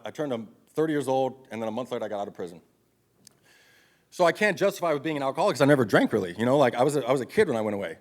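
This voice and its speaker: A man in his thirties speaks at a brisk, rushing clip in a mid-range voice, delivering a live motivational talk. He recounts his life plainly and bluntly, swearing freely as he goes. His delivery is confessional and direct. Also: mid-range voice. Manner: blunt, profane, confessional storytelling. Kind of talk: live motivational speech, personal story. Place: event stage before an audience.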